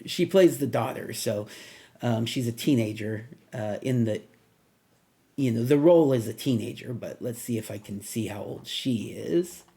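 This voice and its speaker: A man reviews a film alone in an easygoing, rambling way. He thinks aloud, trails into asides and fills pauses with ums. His voice sits at an ordinary middle pitch. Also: mellow. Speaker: movie reviewer. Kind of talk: casual solo review.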